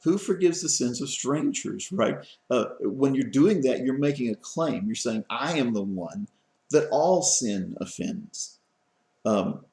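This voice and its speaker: A man's voice: mid-range voice, vocal fry, darkish tone, echoey room. A man giving a college lecture in a conversational way, full of fillers and restarts. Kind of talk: classroom lecture. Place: lecture room.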